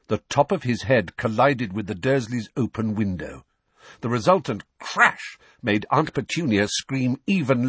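A man narrating an audiobook in an expressive, dramatic storytelling manner, close to the microphone. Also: mid-range voice, breathy edge, no room sound.

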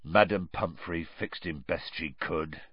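A man voicing a huge, gruff half-giant gamekeeper who is drunk and dejected, with a thick, rough country way of speaking. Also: fairly low pitch, expressive, normal speed, dry recording. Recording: dry, slightly dull audio.

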